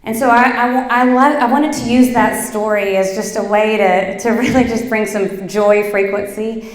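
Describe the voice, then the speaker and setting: Animated woman speaker in an echoey hall. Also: a little high, moderate pace. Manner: animated, chatty, many fillers. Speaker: workshop speaker. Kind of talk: motivational talk with storytelling.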